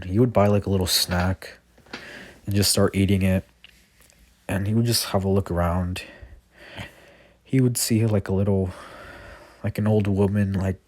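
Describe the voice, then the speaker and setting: A man with a very low, monotone voice improvises a fan story. He rambles and restarts, leaning on filler words. The sound is dry and close. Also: no echo.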